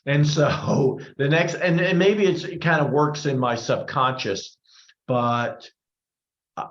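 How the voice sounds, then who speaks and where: A man's voice: fairly high pitch, slow pace, a bit bright. Man presenting in a roomy, dull recording. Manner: conversational, repeats words while rethinking. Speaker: workshop presenter. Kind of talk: answering audience questions.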